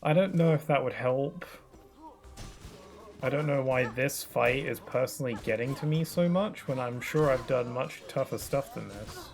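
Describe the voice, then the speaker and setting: A man's voice: medium pitch, normal speed, creaky. A man giving live commentary while streaming a game, joking and griping in a mock-dramatic, self-mocking way. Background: game music.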